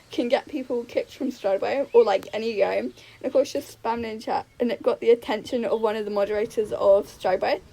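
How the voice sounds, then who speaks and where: Young girl rambling about her game, lots of likes and ums, kinda high. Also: creaky, darkish tone, rough recording. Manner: chatty, giggly, lots of "like" and "um". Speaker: gaming YouTuber. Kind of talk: casual storytelling over gameplay.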